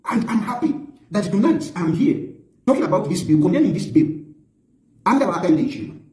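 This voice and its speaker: A middle-aged man delivers a fiery political address, hammering points home through repetition. His voice sits high and swings widely in pitch, with a mellow, dark tone. The recording has a roomy echo. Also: very animated, brisk. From Zambia. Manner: emphatic, repetitive, accusatory. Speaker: opposition politician.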